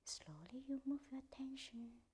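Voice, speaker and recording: A woman leading a guided meditation in a soft, gentle voice that often drops to a half-whisper, with simple, repetitive instructions. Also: sits high, animated, normal speed, slightly rough. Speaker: meditation teacher.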